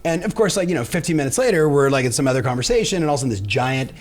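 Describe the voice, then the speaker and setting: A man hosts a casual podcast chat, and his pitch swings up and down as he talks. He backs up his guest with quick agreement and then tells his own story. His voice sits in the middle range for a man. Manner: chimes in with short agreement, lively pitch. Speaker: podcast host, real estate coach. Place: podcast studio.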